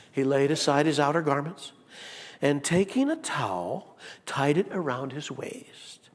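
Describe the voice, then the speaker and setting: A man preaching a sermon in a church, animated and playful, acting out quotes with big swings in his voice. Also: on the high side. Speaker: pastor. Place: church sanctuary. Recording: long reverb of a church hall.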